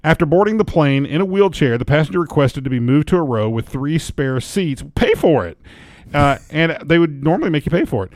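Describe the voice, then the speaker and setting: A man's voice: fairly high pitch, animated, a little fast, a little mellow, no echo. A man co-hosting a podcast, chatting casually and reading news aloud while joking and restarting his sentences. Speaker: podcast co-host.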